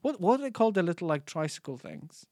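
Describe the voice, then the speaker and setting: A man's voice: sits high, dry recording. Podcast co-host: young man, wry teasing banter, dry sound. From England. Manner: teasing, quick deadpan quips. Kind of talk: casual chat.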